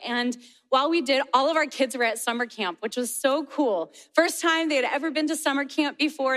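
A woman in her forties preaching a sermon and telling a family story in an animated way, laughing often. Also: high voice. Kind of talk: sermon testimony.

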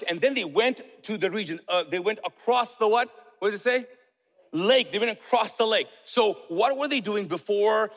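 High-voiced preacher in an echoing hall. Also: male voice. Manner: lively, asks the congregation questions, joking asides. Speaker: pastor. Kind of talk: sermon. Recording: long reverb of a church hall.

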